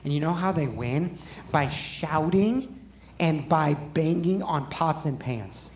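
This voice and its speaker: A man's voice: on the high side, slow, darkish tone, roomy sound. A man preaching a sermon as pastor, talking conversationally and putting questions to his listeners. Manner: conversational, asks the audience questions.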